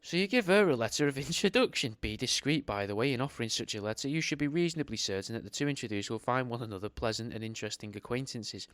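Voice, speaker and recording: A man's voice: mid-range voice, expressive, quick pace, few pauses, fairly bright tone, no room sound. Sweary sarcastic man reading aloud. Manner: sarcastic, swears a lot, rambling asides. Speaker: host reading a book aloud. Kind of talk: reading aloud with off-the-cuff commentary.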